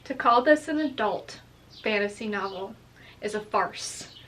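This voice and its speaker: A woman's voice: medium pitch, a little slow, fairly bright tone, a little hiss or hum. A woman co-hosting a casual book review chat, ranting in exasperation and mocking the characters she quotes. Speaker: book vlogger co-host.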